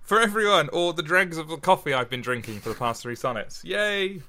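Man, podcast co-host, animated pitch, bright tone, casual chat and poetry reading. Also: fast talker. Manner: giggly, self-deprecating, animated. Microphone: headphones and studio microphone.

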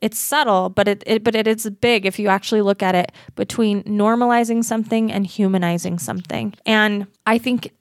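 A woman's voice: medium pitch, steady tone, a little fast, hardly any pauses, no echo. Earnest woman advocate in a dry interview. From Utah, USA. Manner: earnest, reflective, self-critical. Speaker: guest, advocate.

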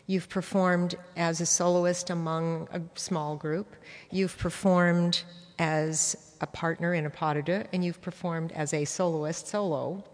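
A woman hosting an interview, asking measured questions with gentle prompting. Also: fairly low pitch, fairly even intonation, big-room sound. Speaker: interview host. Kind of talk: interview conversation.

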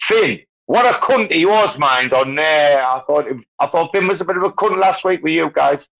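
A man's voice: on the high side, normal speed, gravelly, a bit bright. A man, talking in rowdy, rambling, sweary banter as a guest in an online audio chat. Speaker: guest speaker in a crypto audio space. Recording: muffled lo-fi online call audio.

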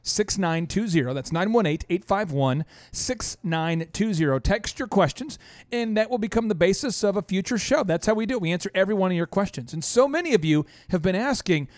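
High-voiced, energetic male show host. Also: no echo, studio quality. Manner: energetic, animated storyteller with quick restarts. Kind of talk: upbeat radio-style show hosting.

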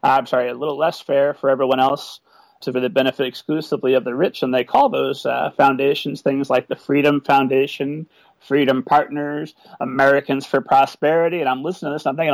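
A man, an author, answering interview questions about a children's book with eager, animated talk. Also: mid-range voice, a little fast, vocal fry, dry recording, low-quality recording. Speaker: author and podcast guest.

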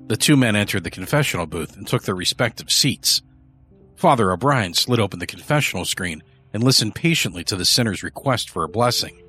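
A man reading a scripted horror story in a measured, even way. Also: on the low side, faint music behind.

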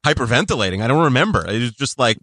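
A man co-hosting a podcast, talking in a halting, stammering, sheepish way. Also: medium pitch, big pitch swings, bright, forceful tone, no room sound, clean studio sound. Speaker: podcast co-host. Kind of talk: casual podcast chat.

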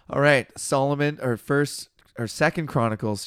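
Foul-mouthed young man with a smooth voice. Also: mid-range voice, moderate pace, few pauses, fairly bright tone, no room sound, studio quality. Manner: swearing, joking, reads scripture aloud with asides. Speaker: podcast co-host. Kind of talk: crude casual chat and Bible reading.

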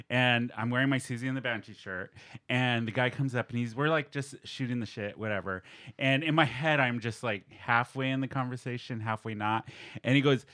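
Male podcast host, bright forceful tone, dry close mic, animated storyteller. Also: medium pitch, no echo. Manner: animated storyteller, quick laughs. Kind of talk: casual chat.

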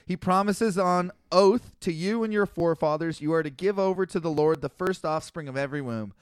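High-voiced man reading scripture, joking. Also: brisk, clear, resonant tone, no echo, studio quality. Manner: reads scripture aloud then riffs, laughs often. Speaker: podcast host reading the Bible. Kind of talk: casual comedic chat.

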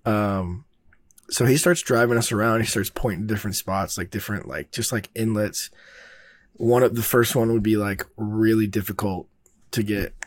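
A man who makes films recounts a lengthy behind-the-scenes tale, rambling and laid-back, full of fillers and curses. His voice is lowish and a little fast, recorded with no echo.

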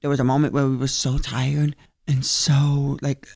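A young man, a stage actor, chatting in an interview and telling animated stories full of fillers. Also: medium pitch, normal speed, creaky, no room sound, clean studio sound. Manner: animated storytelling with many fillers. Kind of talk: casual interview.

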